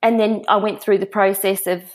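A woman's voice: mid-range voice, level tone, moderate pace. A middle-aged woman with an Australian accent, telling a personal story in a chatty interview, full of fillers and restarts. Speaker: interview guest. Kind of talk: storytelling in casual conversation.

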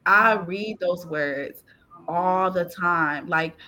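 A woman's voice: lowish voice, very slow. Woman giving an emotional faith testimony. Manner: animated, colloquial, laughing through tears. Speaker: podcast guest sharing a testimony.

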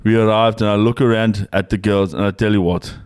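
A man's voice: lowish voice, steady tone, fairly quick, a little mellow, clean tone, natural voice. A man putting on an Afrikaans South African accent to voice a rowdy young rugby tourist, boisterously reading a listener's letter aloud for laughs. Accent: Afrikaans South African, put on. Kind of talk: comedic read-out in a put-on accent.

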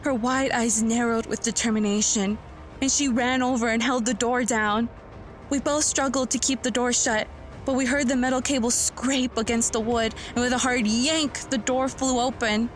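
A woman's voice: fairly high pitch, fairly even intonation, normal speed, faint music behind. Woman narrating a horror story.

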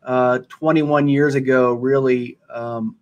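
A man hosting a podcast, interviewing a priest in a casual, halting way. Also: mid-range voice, steady tone, a little mellow, muffled recording. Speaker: podcast host.

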